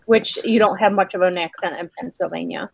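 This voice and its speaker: A woman's voice: lowish voice, steady tone, a little fast, gravelly, slight background noise, rough recording. A woman from western New York who chats casually in a group, agreeing readily and joking along. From western New York, between Buffalo and Rochester.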